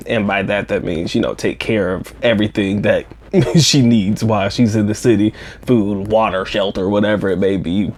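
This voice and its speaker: A man hosting a storytime vlog, telling a personal story in a slangy, profane, animated way. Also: lowish voice, normal speed. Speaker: vlog host.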